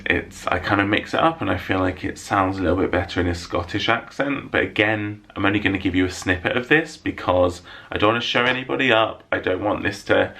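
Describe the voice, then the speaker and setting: A man's voice: low-pitched, vocal fry, bright, forceful tone. A man talking casually to camera at home, answering viewer questions in a jokey, self-mocking way. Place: room at home lit by a window.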